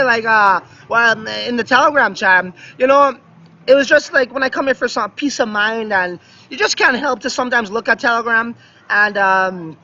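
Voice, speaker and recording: High-voiced chatty man vlogging. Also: normal speed, pushed and bright, muffled recording. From West Indian background. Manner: chatty, repeats "right?" and "yeah, yeah". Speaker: crypto vlogger live streaming. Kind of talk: casual live stream chat. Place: outdoors at a beach resort.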